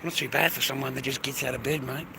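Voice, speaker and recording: A man's voice: medium pitch, fairly even intonation, fast, vocal fry, background noise. A middle-aged man, rambling and swearing while livestreaming on a phone, tired and coughing. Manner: swearing, rambling, calls listeners mate. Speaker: live streamer. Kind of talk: rambling casual livestream chat.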